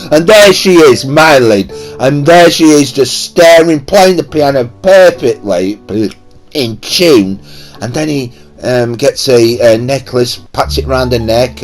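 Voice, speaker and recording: A young man rambling through a casual film recap in a chatty, slangy way. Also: medium pitch. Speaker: video creator.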